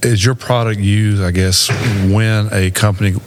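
A man's voice: lowish voice, fairly even intonation, normal speed, faint music behind. A man, an attorney, interviewing a guest on a podcast in a conversational way, with short, hesitant questions and a Southern US accent.

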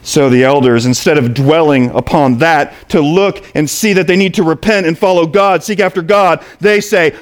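Male preacher, animated sermon delivery, slightly high voice. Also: normal speed, hardly any pauses. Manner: animated, swings between quiet asides and loud emphasis.

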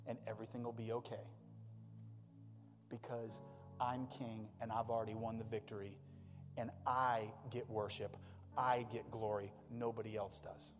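A man's voice: on the low side, little pitch movement, moderate pace, in a large hall, over music, pitched below the performer's own voice, lightly acted. God the Father, as a pastor voices him. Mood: firm. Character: God the Father, commanding, reassuring male deity.

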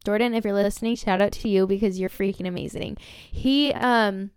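A nineteen-year-old woman from Southern California telling a story on her own podcast, bubbly and excitable, full of "like" and "literally". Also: medium pitch, fairly quick, clear, resonant tone. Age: young adult, around 19. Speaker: podcast host. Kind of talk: casual storytelling monologue.

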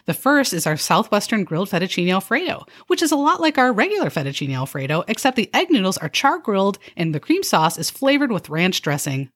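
A woman playing a chirpy, sarcastic young restaurant server who mixes bubbly upselling patter with deadpan jabs. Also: medium pitch. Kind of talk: comedy skit.

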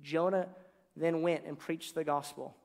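A man delivers a sermon in a loose, joking storytelling manner, tossing slangy asides into the scripture he retells. His voice sits a little high for a man. It rings with the long reverb of a big hall. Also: fairly even intonation, a little slow, creaky, a little mellow. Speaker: preacher.

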